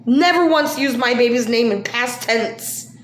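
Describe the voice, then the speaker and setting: Woman, upset, emotional, casual talk to viewers, fairly high voice, sighs and loud bursts, echoey room. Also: unhurried, a little hiss or hum. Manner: emotional, swings from soft sighs to loud outbursts. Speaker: vlogger.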